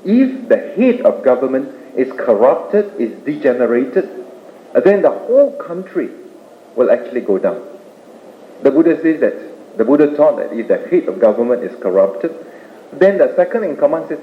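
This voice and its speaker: A man's voice: medium pitch, big pitch swings, moderate pace. A man giving a Buddhist Dharma talk, explaining points with rhetorical questions and tag-ending "eh?". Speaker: Buddhist speaker. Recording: tinny roomy old tape with faint hiss.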